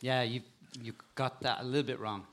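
A man with an animated way of telling stories, a guest talking casually about insects and spiders and laughing at times. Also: medium pitch, a little fast. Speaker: guest, insect and frog expert. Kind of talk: casual storytelling chat.

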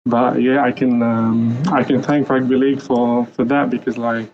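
A man in his thirties from Lebanon, calling in to a podcast and telling his story in a relaxed way with many pauses. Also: medium pitch. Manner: relaxed storytelling, with soft laughs and hesitations. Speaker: caller. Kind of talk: casual phone-in chat. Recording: dull phone line.

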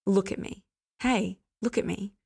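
A woman voicing a tender, protective young man in a read-aloud story, speaking in a soft, murmured way. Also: medium pitch, steady tone, a little slow, vocal fry, husky. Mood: hurt.

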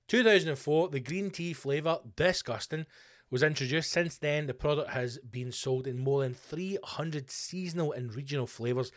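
A man's voice: mid-range voice, moderate pace. A Scottish man hosting a solo podcast, ranting casually with plenty of swearing. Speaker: podcast host.

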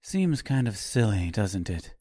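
A man's voice: lowish voice, extremely slow, a little mellow, no room sound, studio quality. A man voicing a cold, stern forest woman.

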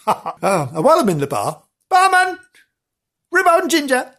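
A woman voicing Janice, a giggly, chatty woman presenter with a husky voice, in a comic sketch. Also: low voice, wildly swooping pitch, normal speed, heavily acted. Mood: giddy.

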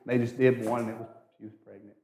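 A man preaching a sermon, telling a personal story and swinging from hushed, intimate tones to loud, excited cries. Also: medium pitch, quick pace, vocal fry.

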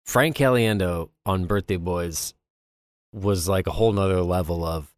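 A man with a low voice holds forth in a casual, joking podcast chat, pushing his opinions hard. His voice sounds dry and close, with no room around it. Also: unhurried, dry recording. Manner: emphatic, opinionated riffing. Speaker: podcast co-host.

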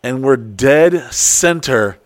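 A man's voice: medium pitch, very slow, dry recording, clean studio sound. A man telling a wild story in casual chat, swearing freely and acting out what people said. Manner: profane, excitable, acts out quotes.

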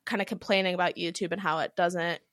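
A woman's voice: lowish voice, no room sound. Chatty young woman podcaster, dry close mic. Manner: chatty, animated, quick asides. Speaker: podcast co-host. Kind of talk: casual chat. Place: home.

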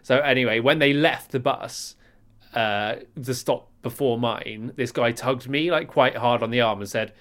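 English male podcast co-host, mid-pitched, rambling comic storyteller. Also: a little slow. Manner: rambling storyteller, self-mocking, bursts into loud repeated lines. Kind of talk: casual chat.

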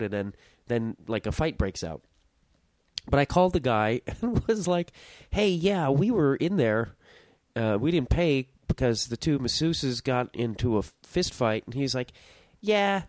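A man's voice: medium pitch, lively intonation, moderate pace, no room sound. A young man hosting his own podcast, telling a story in a rambling, self-interrupting way and swearing casually. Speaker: podcast host.

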